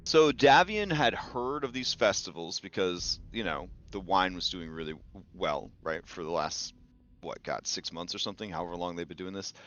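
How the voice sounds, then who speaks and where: A man narrating as game master of a tabletop game, relaxed and hedging with many fillers. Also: sits low, normal speed. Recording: dull lo-fi sound with music behind.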